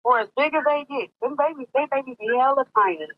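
A woman's voice: high-pitched, fast talker. A woman host telling a crude, joking story in casual chat. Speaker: podcast host. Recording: dull lo-fi audio with faint noise.

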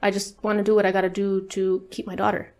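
A woman talks fast in a mid-range, slightly mellow voice with a level tone, telling a personal story as an interview guest. Her delivery is candid and profane, peppered with swearing and fillers.

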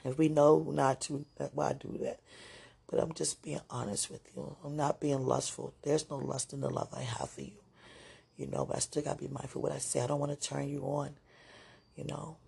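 A woman's voice: sits low, little pitch movement, normal speed, vocal fry, dark tone, husky. A woman hosting a spiritual podcast, speaking to a loved one in a gushing, giggly, rambling way, full of "you know"s. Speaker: podcast host.

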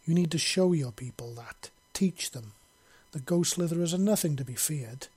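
A man reading an audiobook, voicing a steady male clan patriarch who speaks in a measured, persuasive way. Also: a little high, husky.

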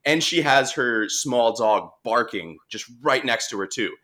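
A young man with a Long Island accent tells a story in easy conversation. His voice is bright and forward, and the pitch sits in the middle. He talks casually, repeats himself and restarts often. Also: expressive, a little slow. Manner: chatty, many restarts and fillers. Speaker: marine mammal responder.

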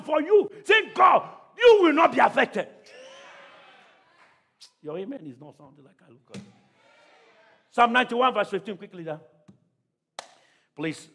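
A man preaching a sermon to a church congregation, calling out questions to the crowd and often shouting. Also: very high voice. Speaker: pastor.

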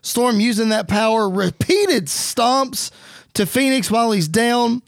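A man giving energetic, excitable play-by-play commentary and narration for a wrestling game story. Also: extremely high pitch, slow, no room sound, studio quality.

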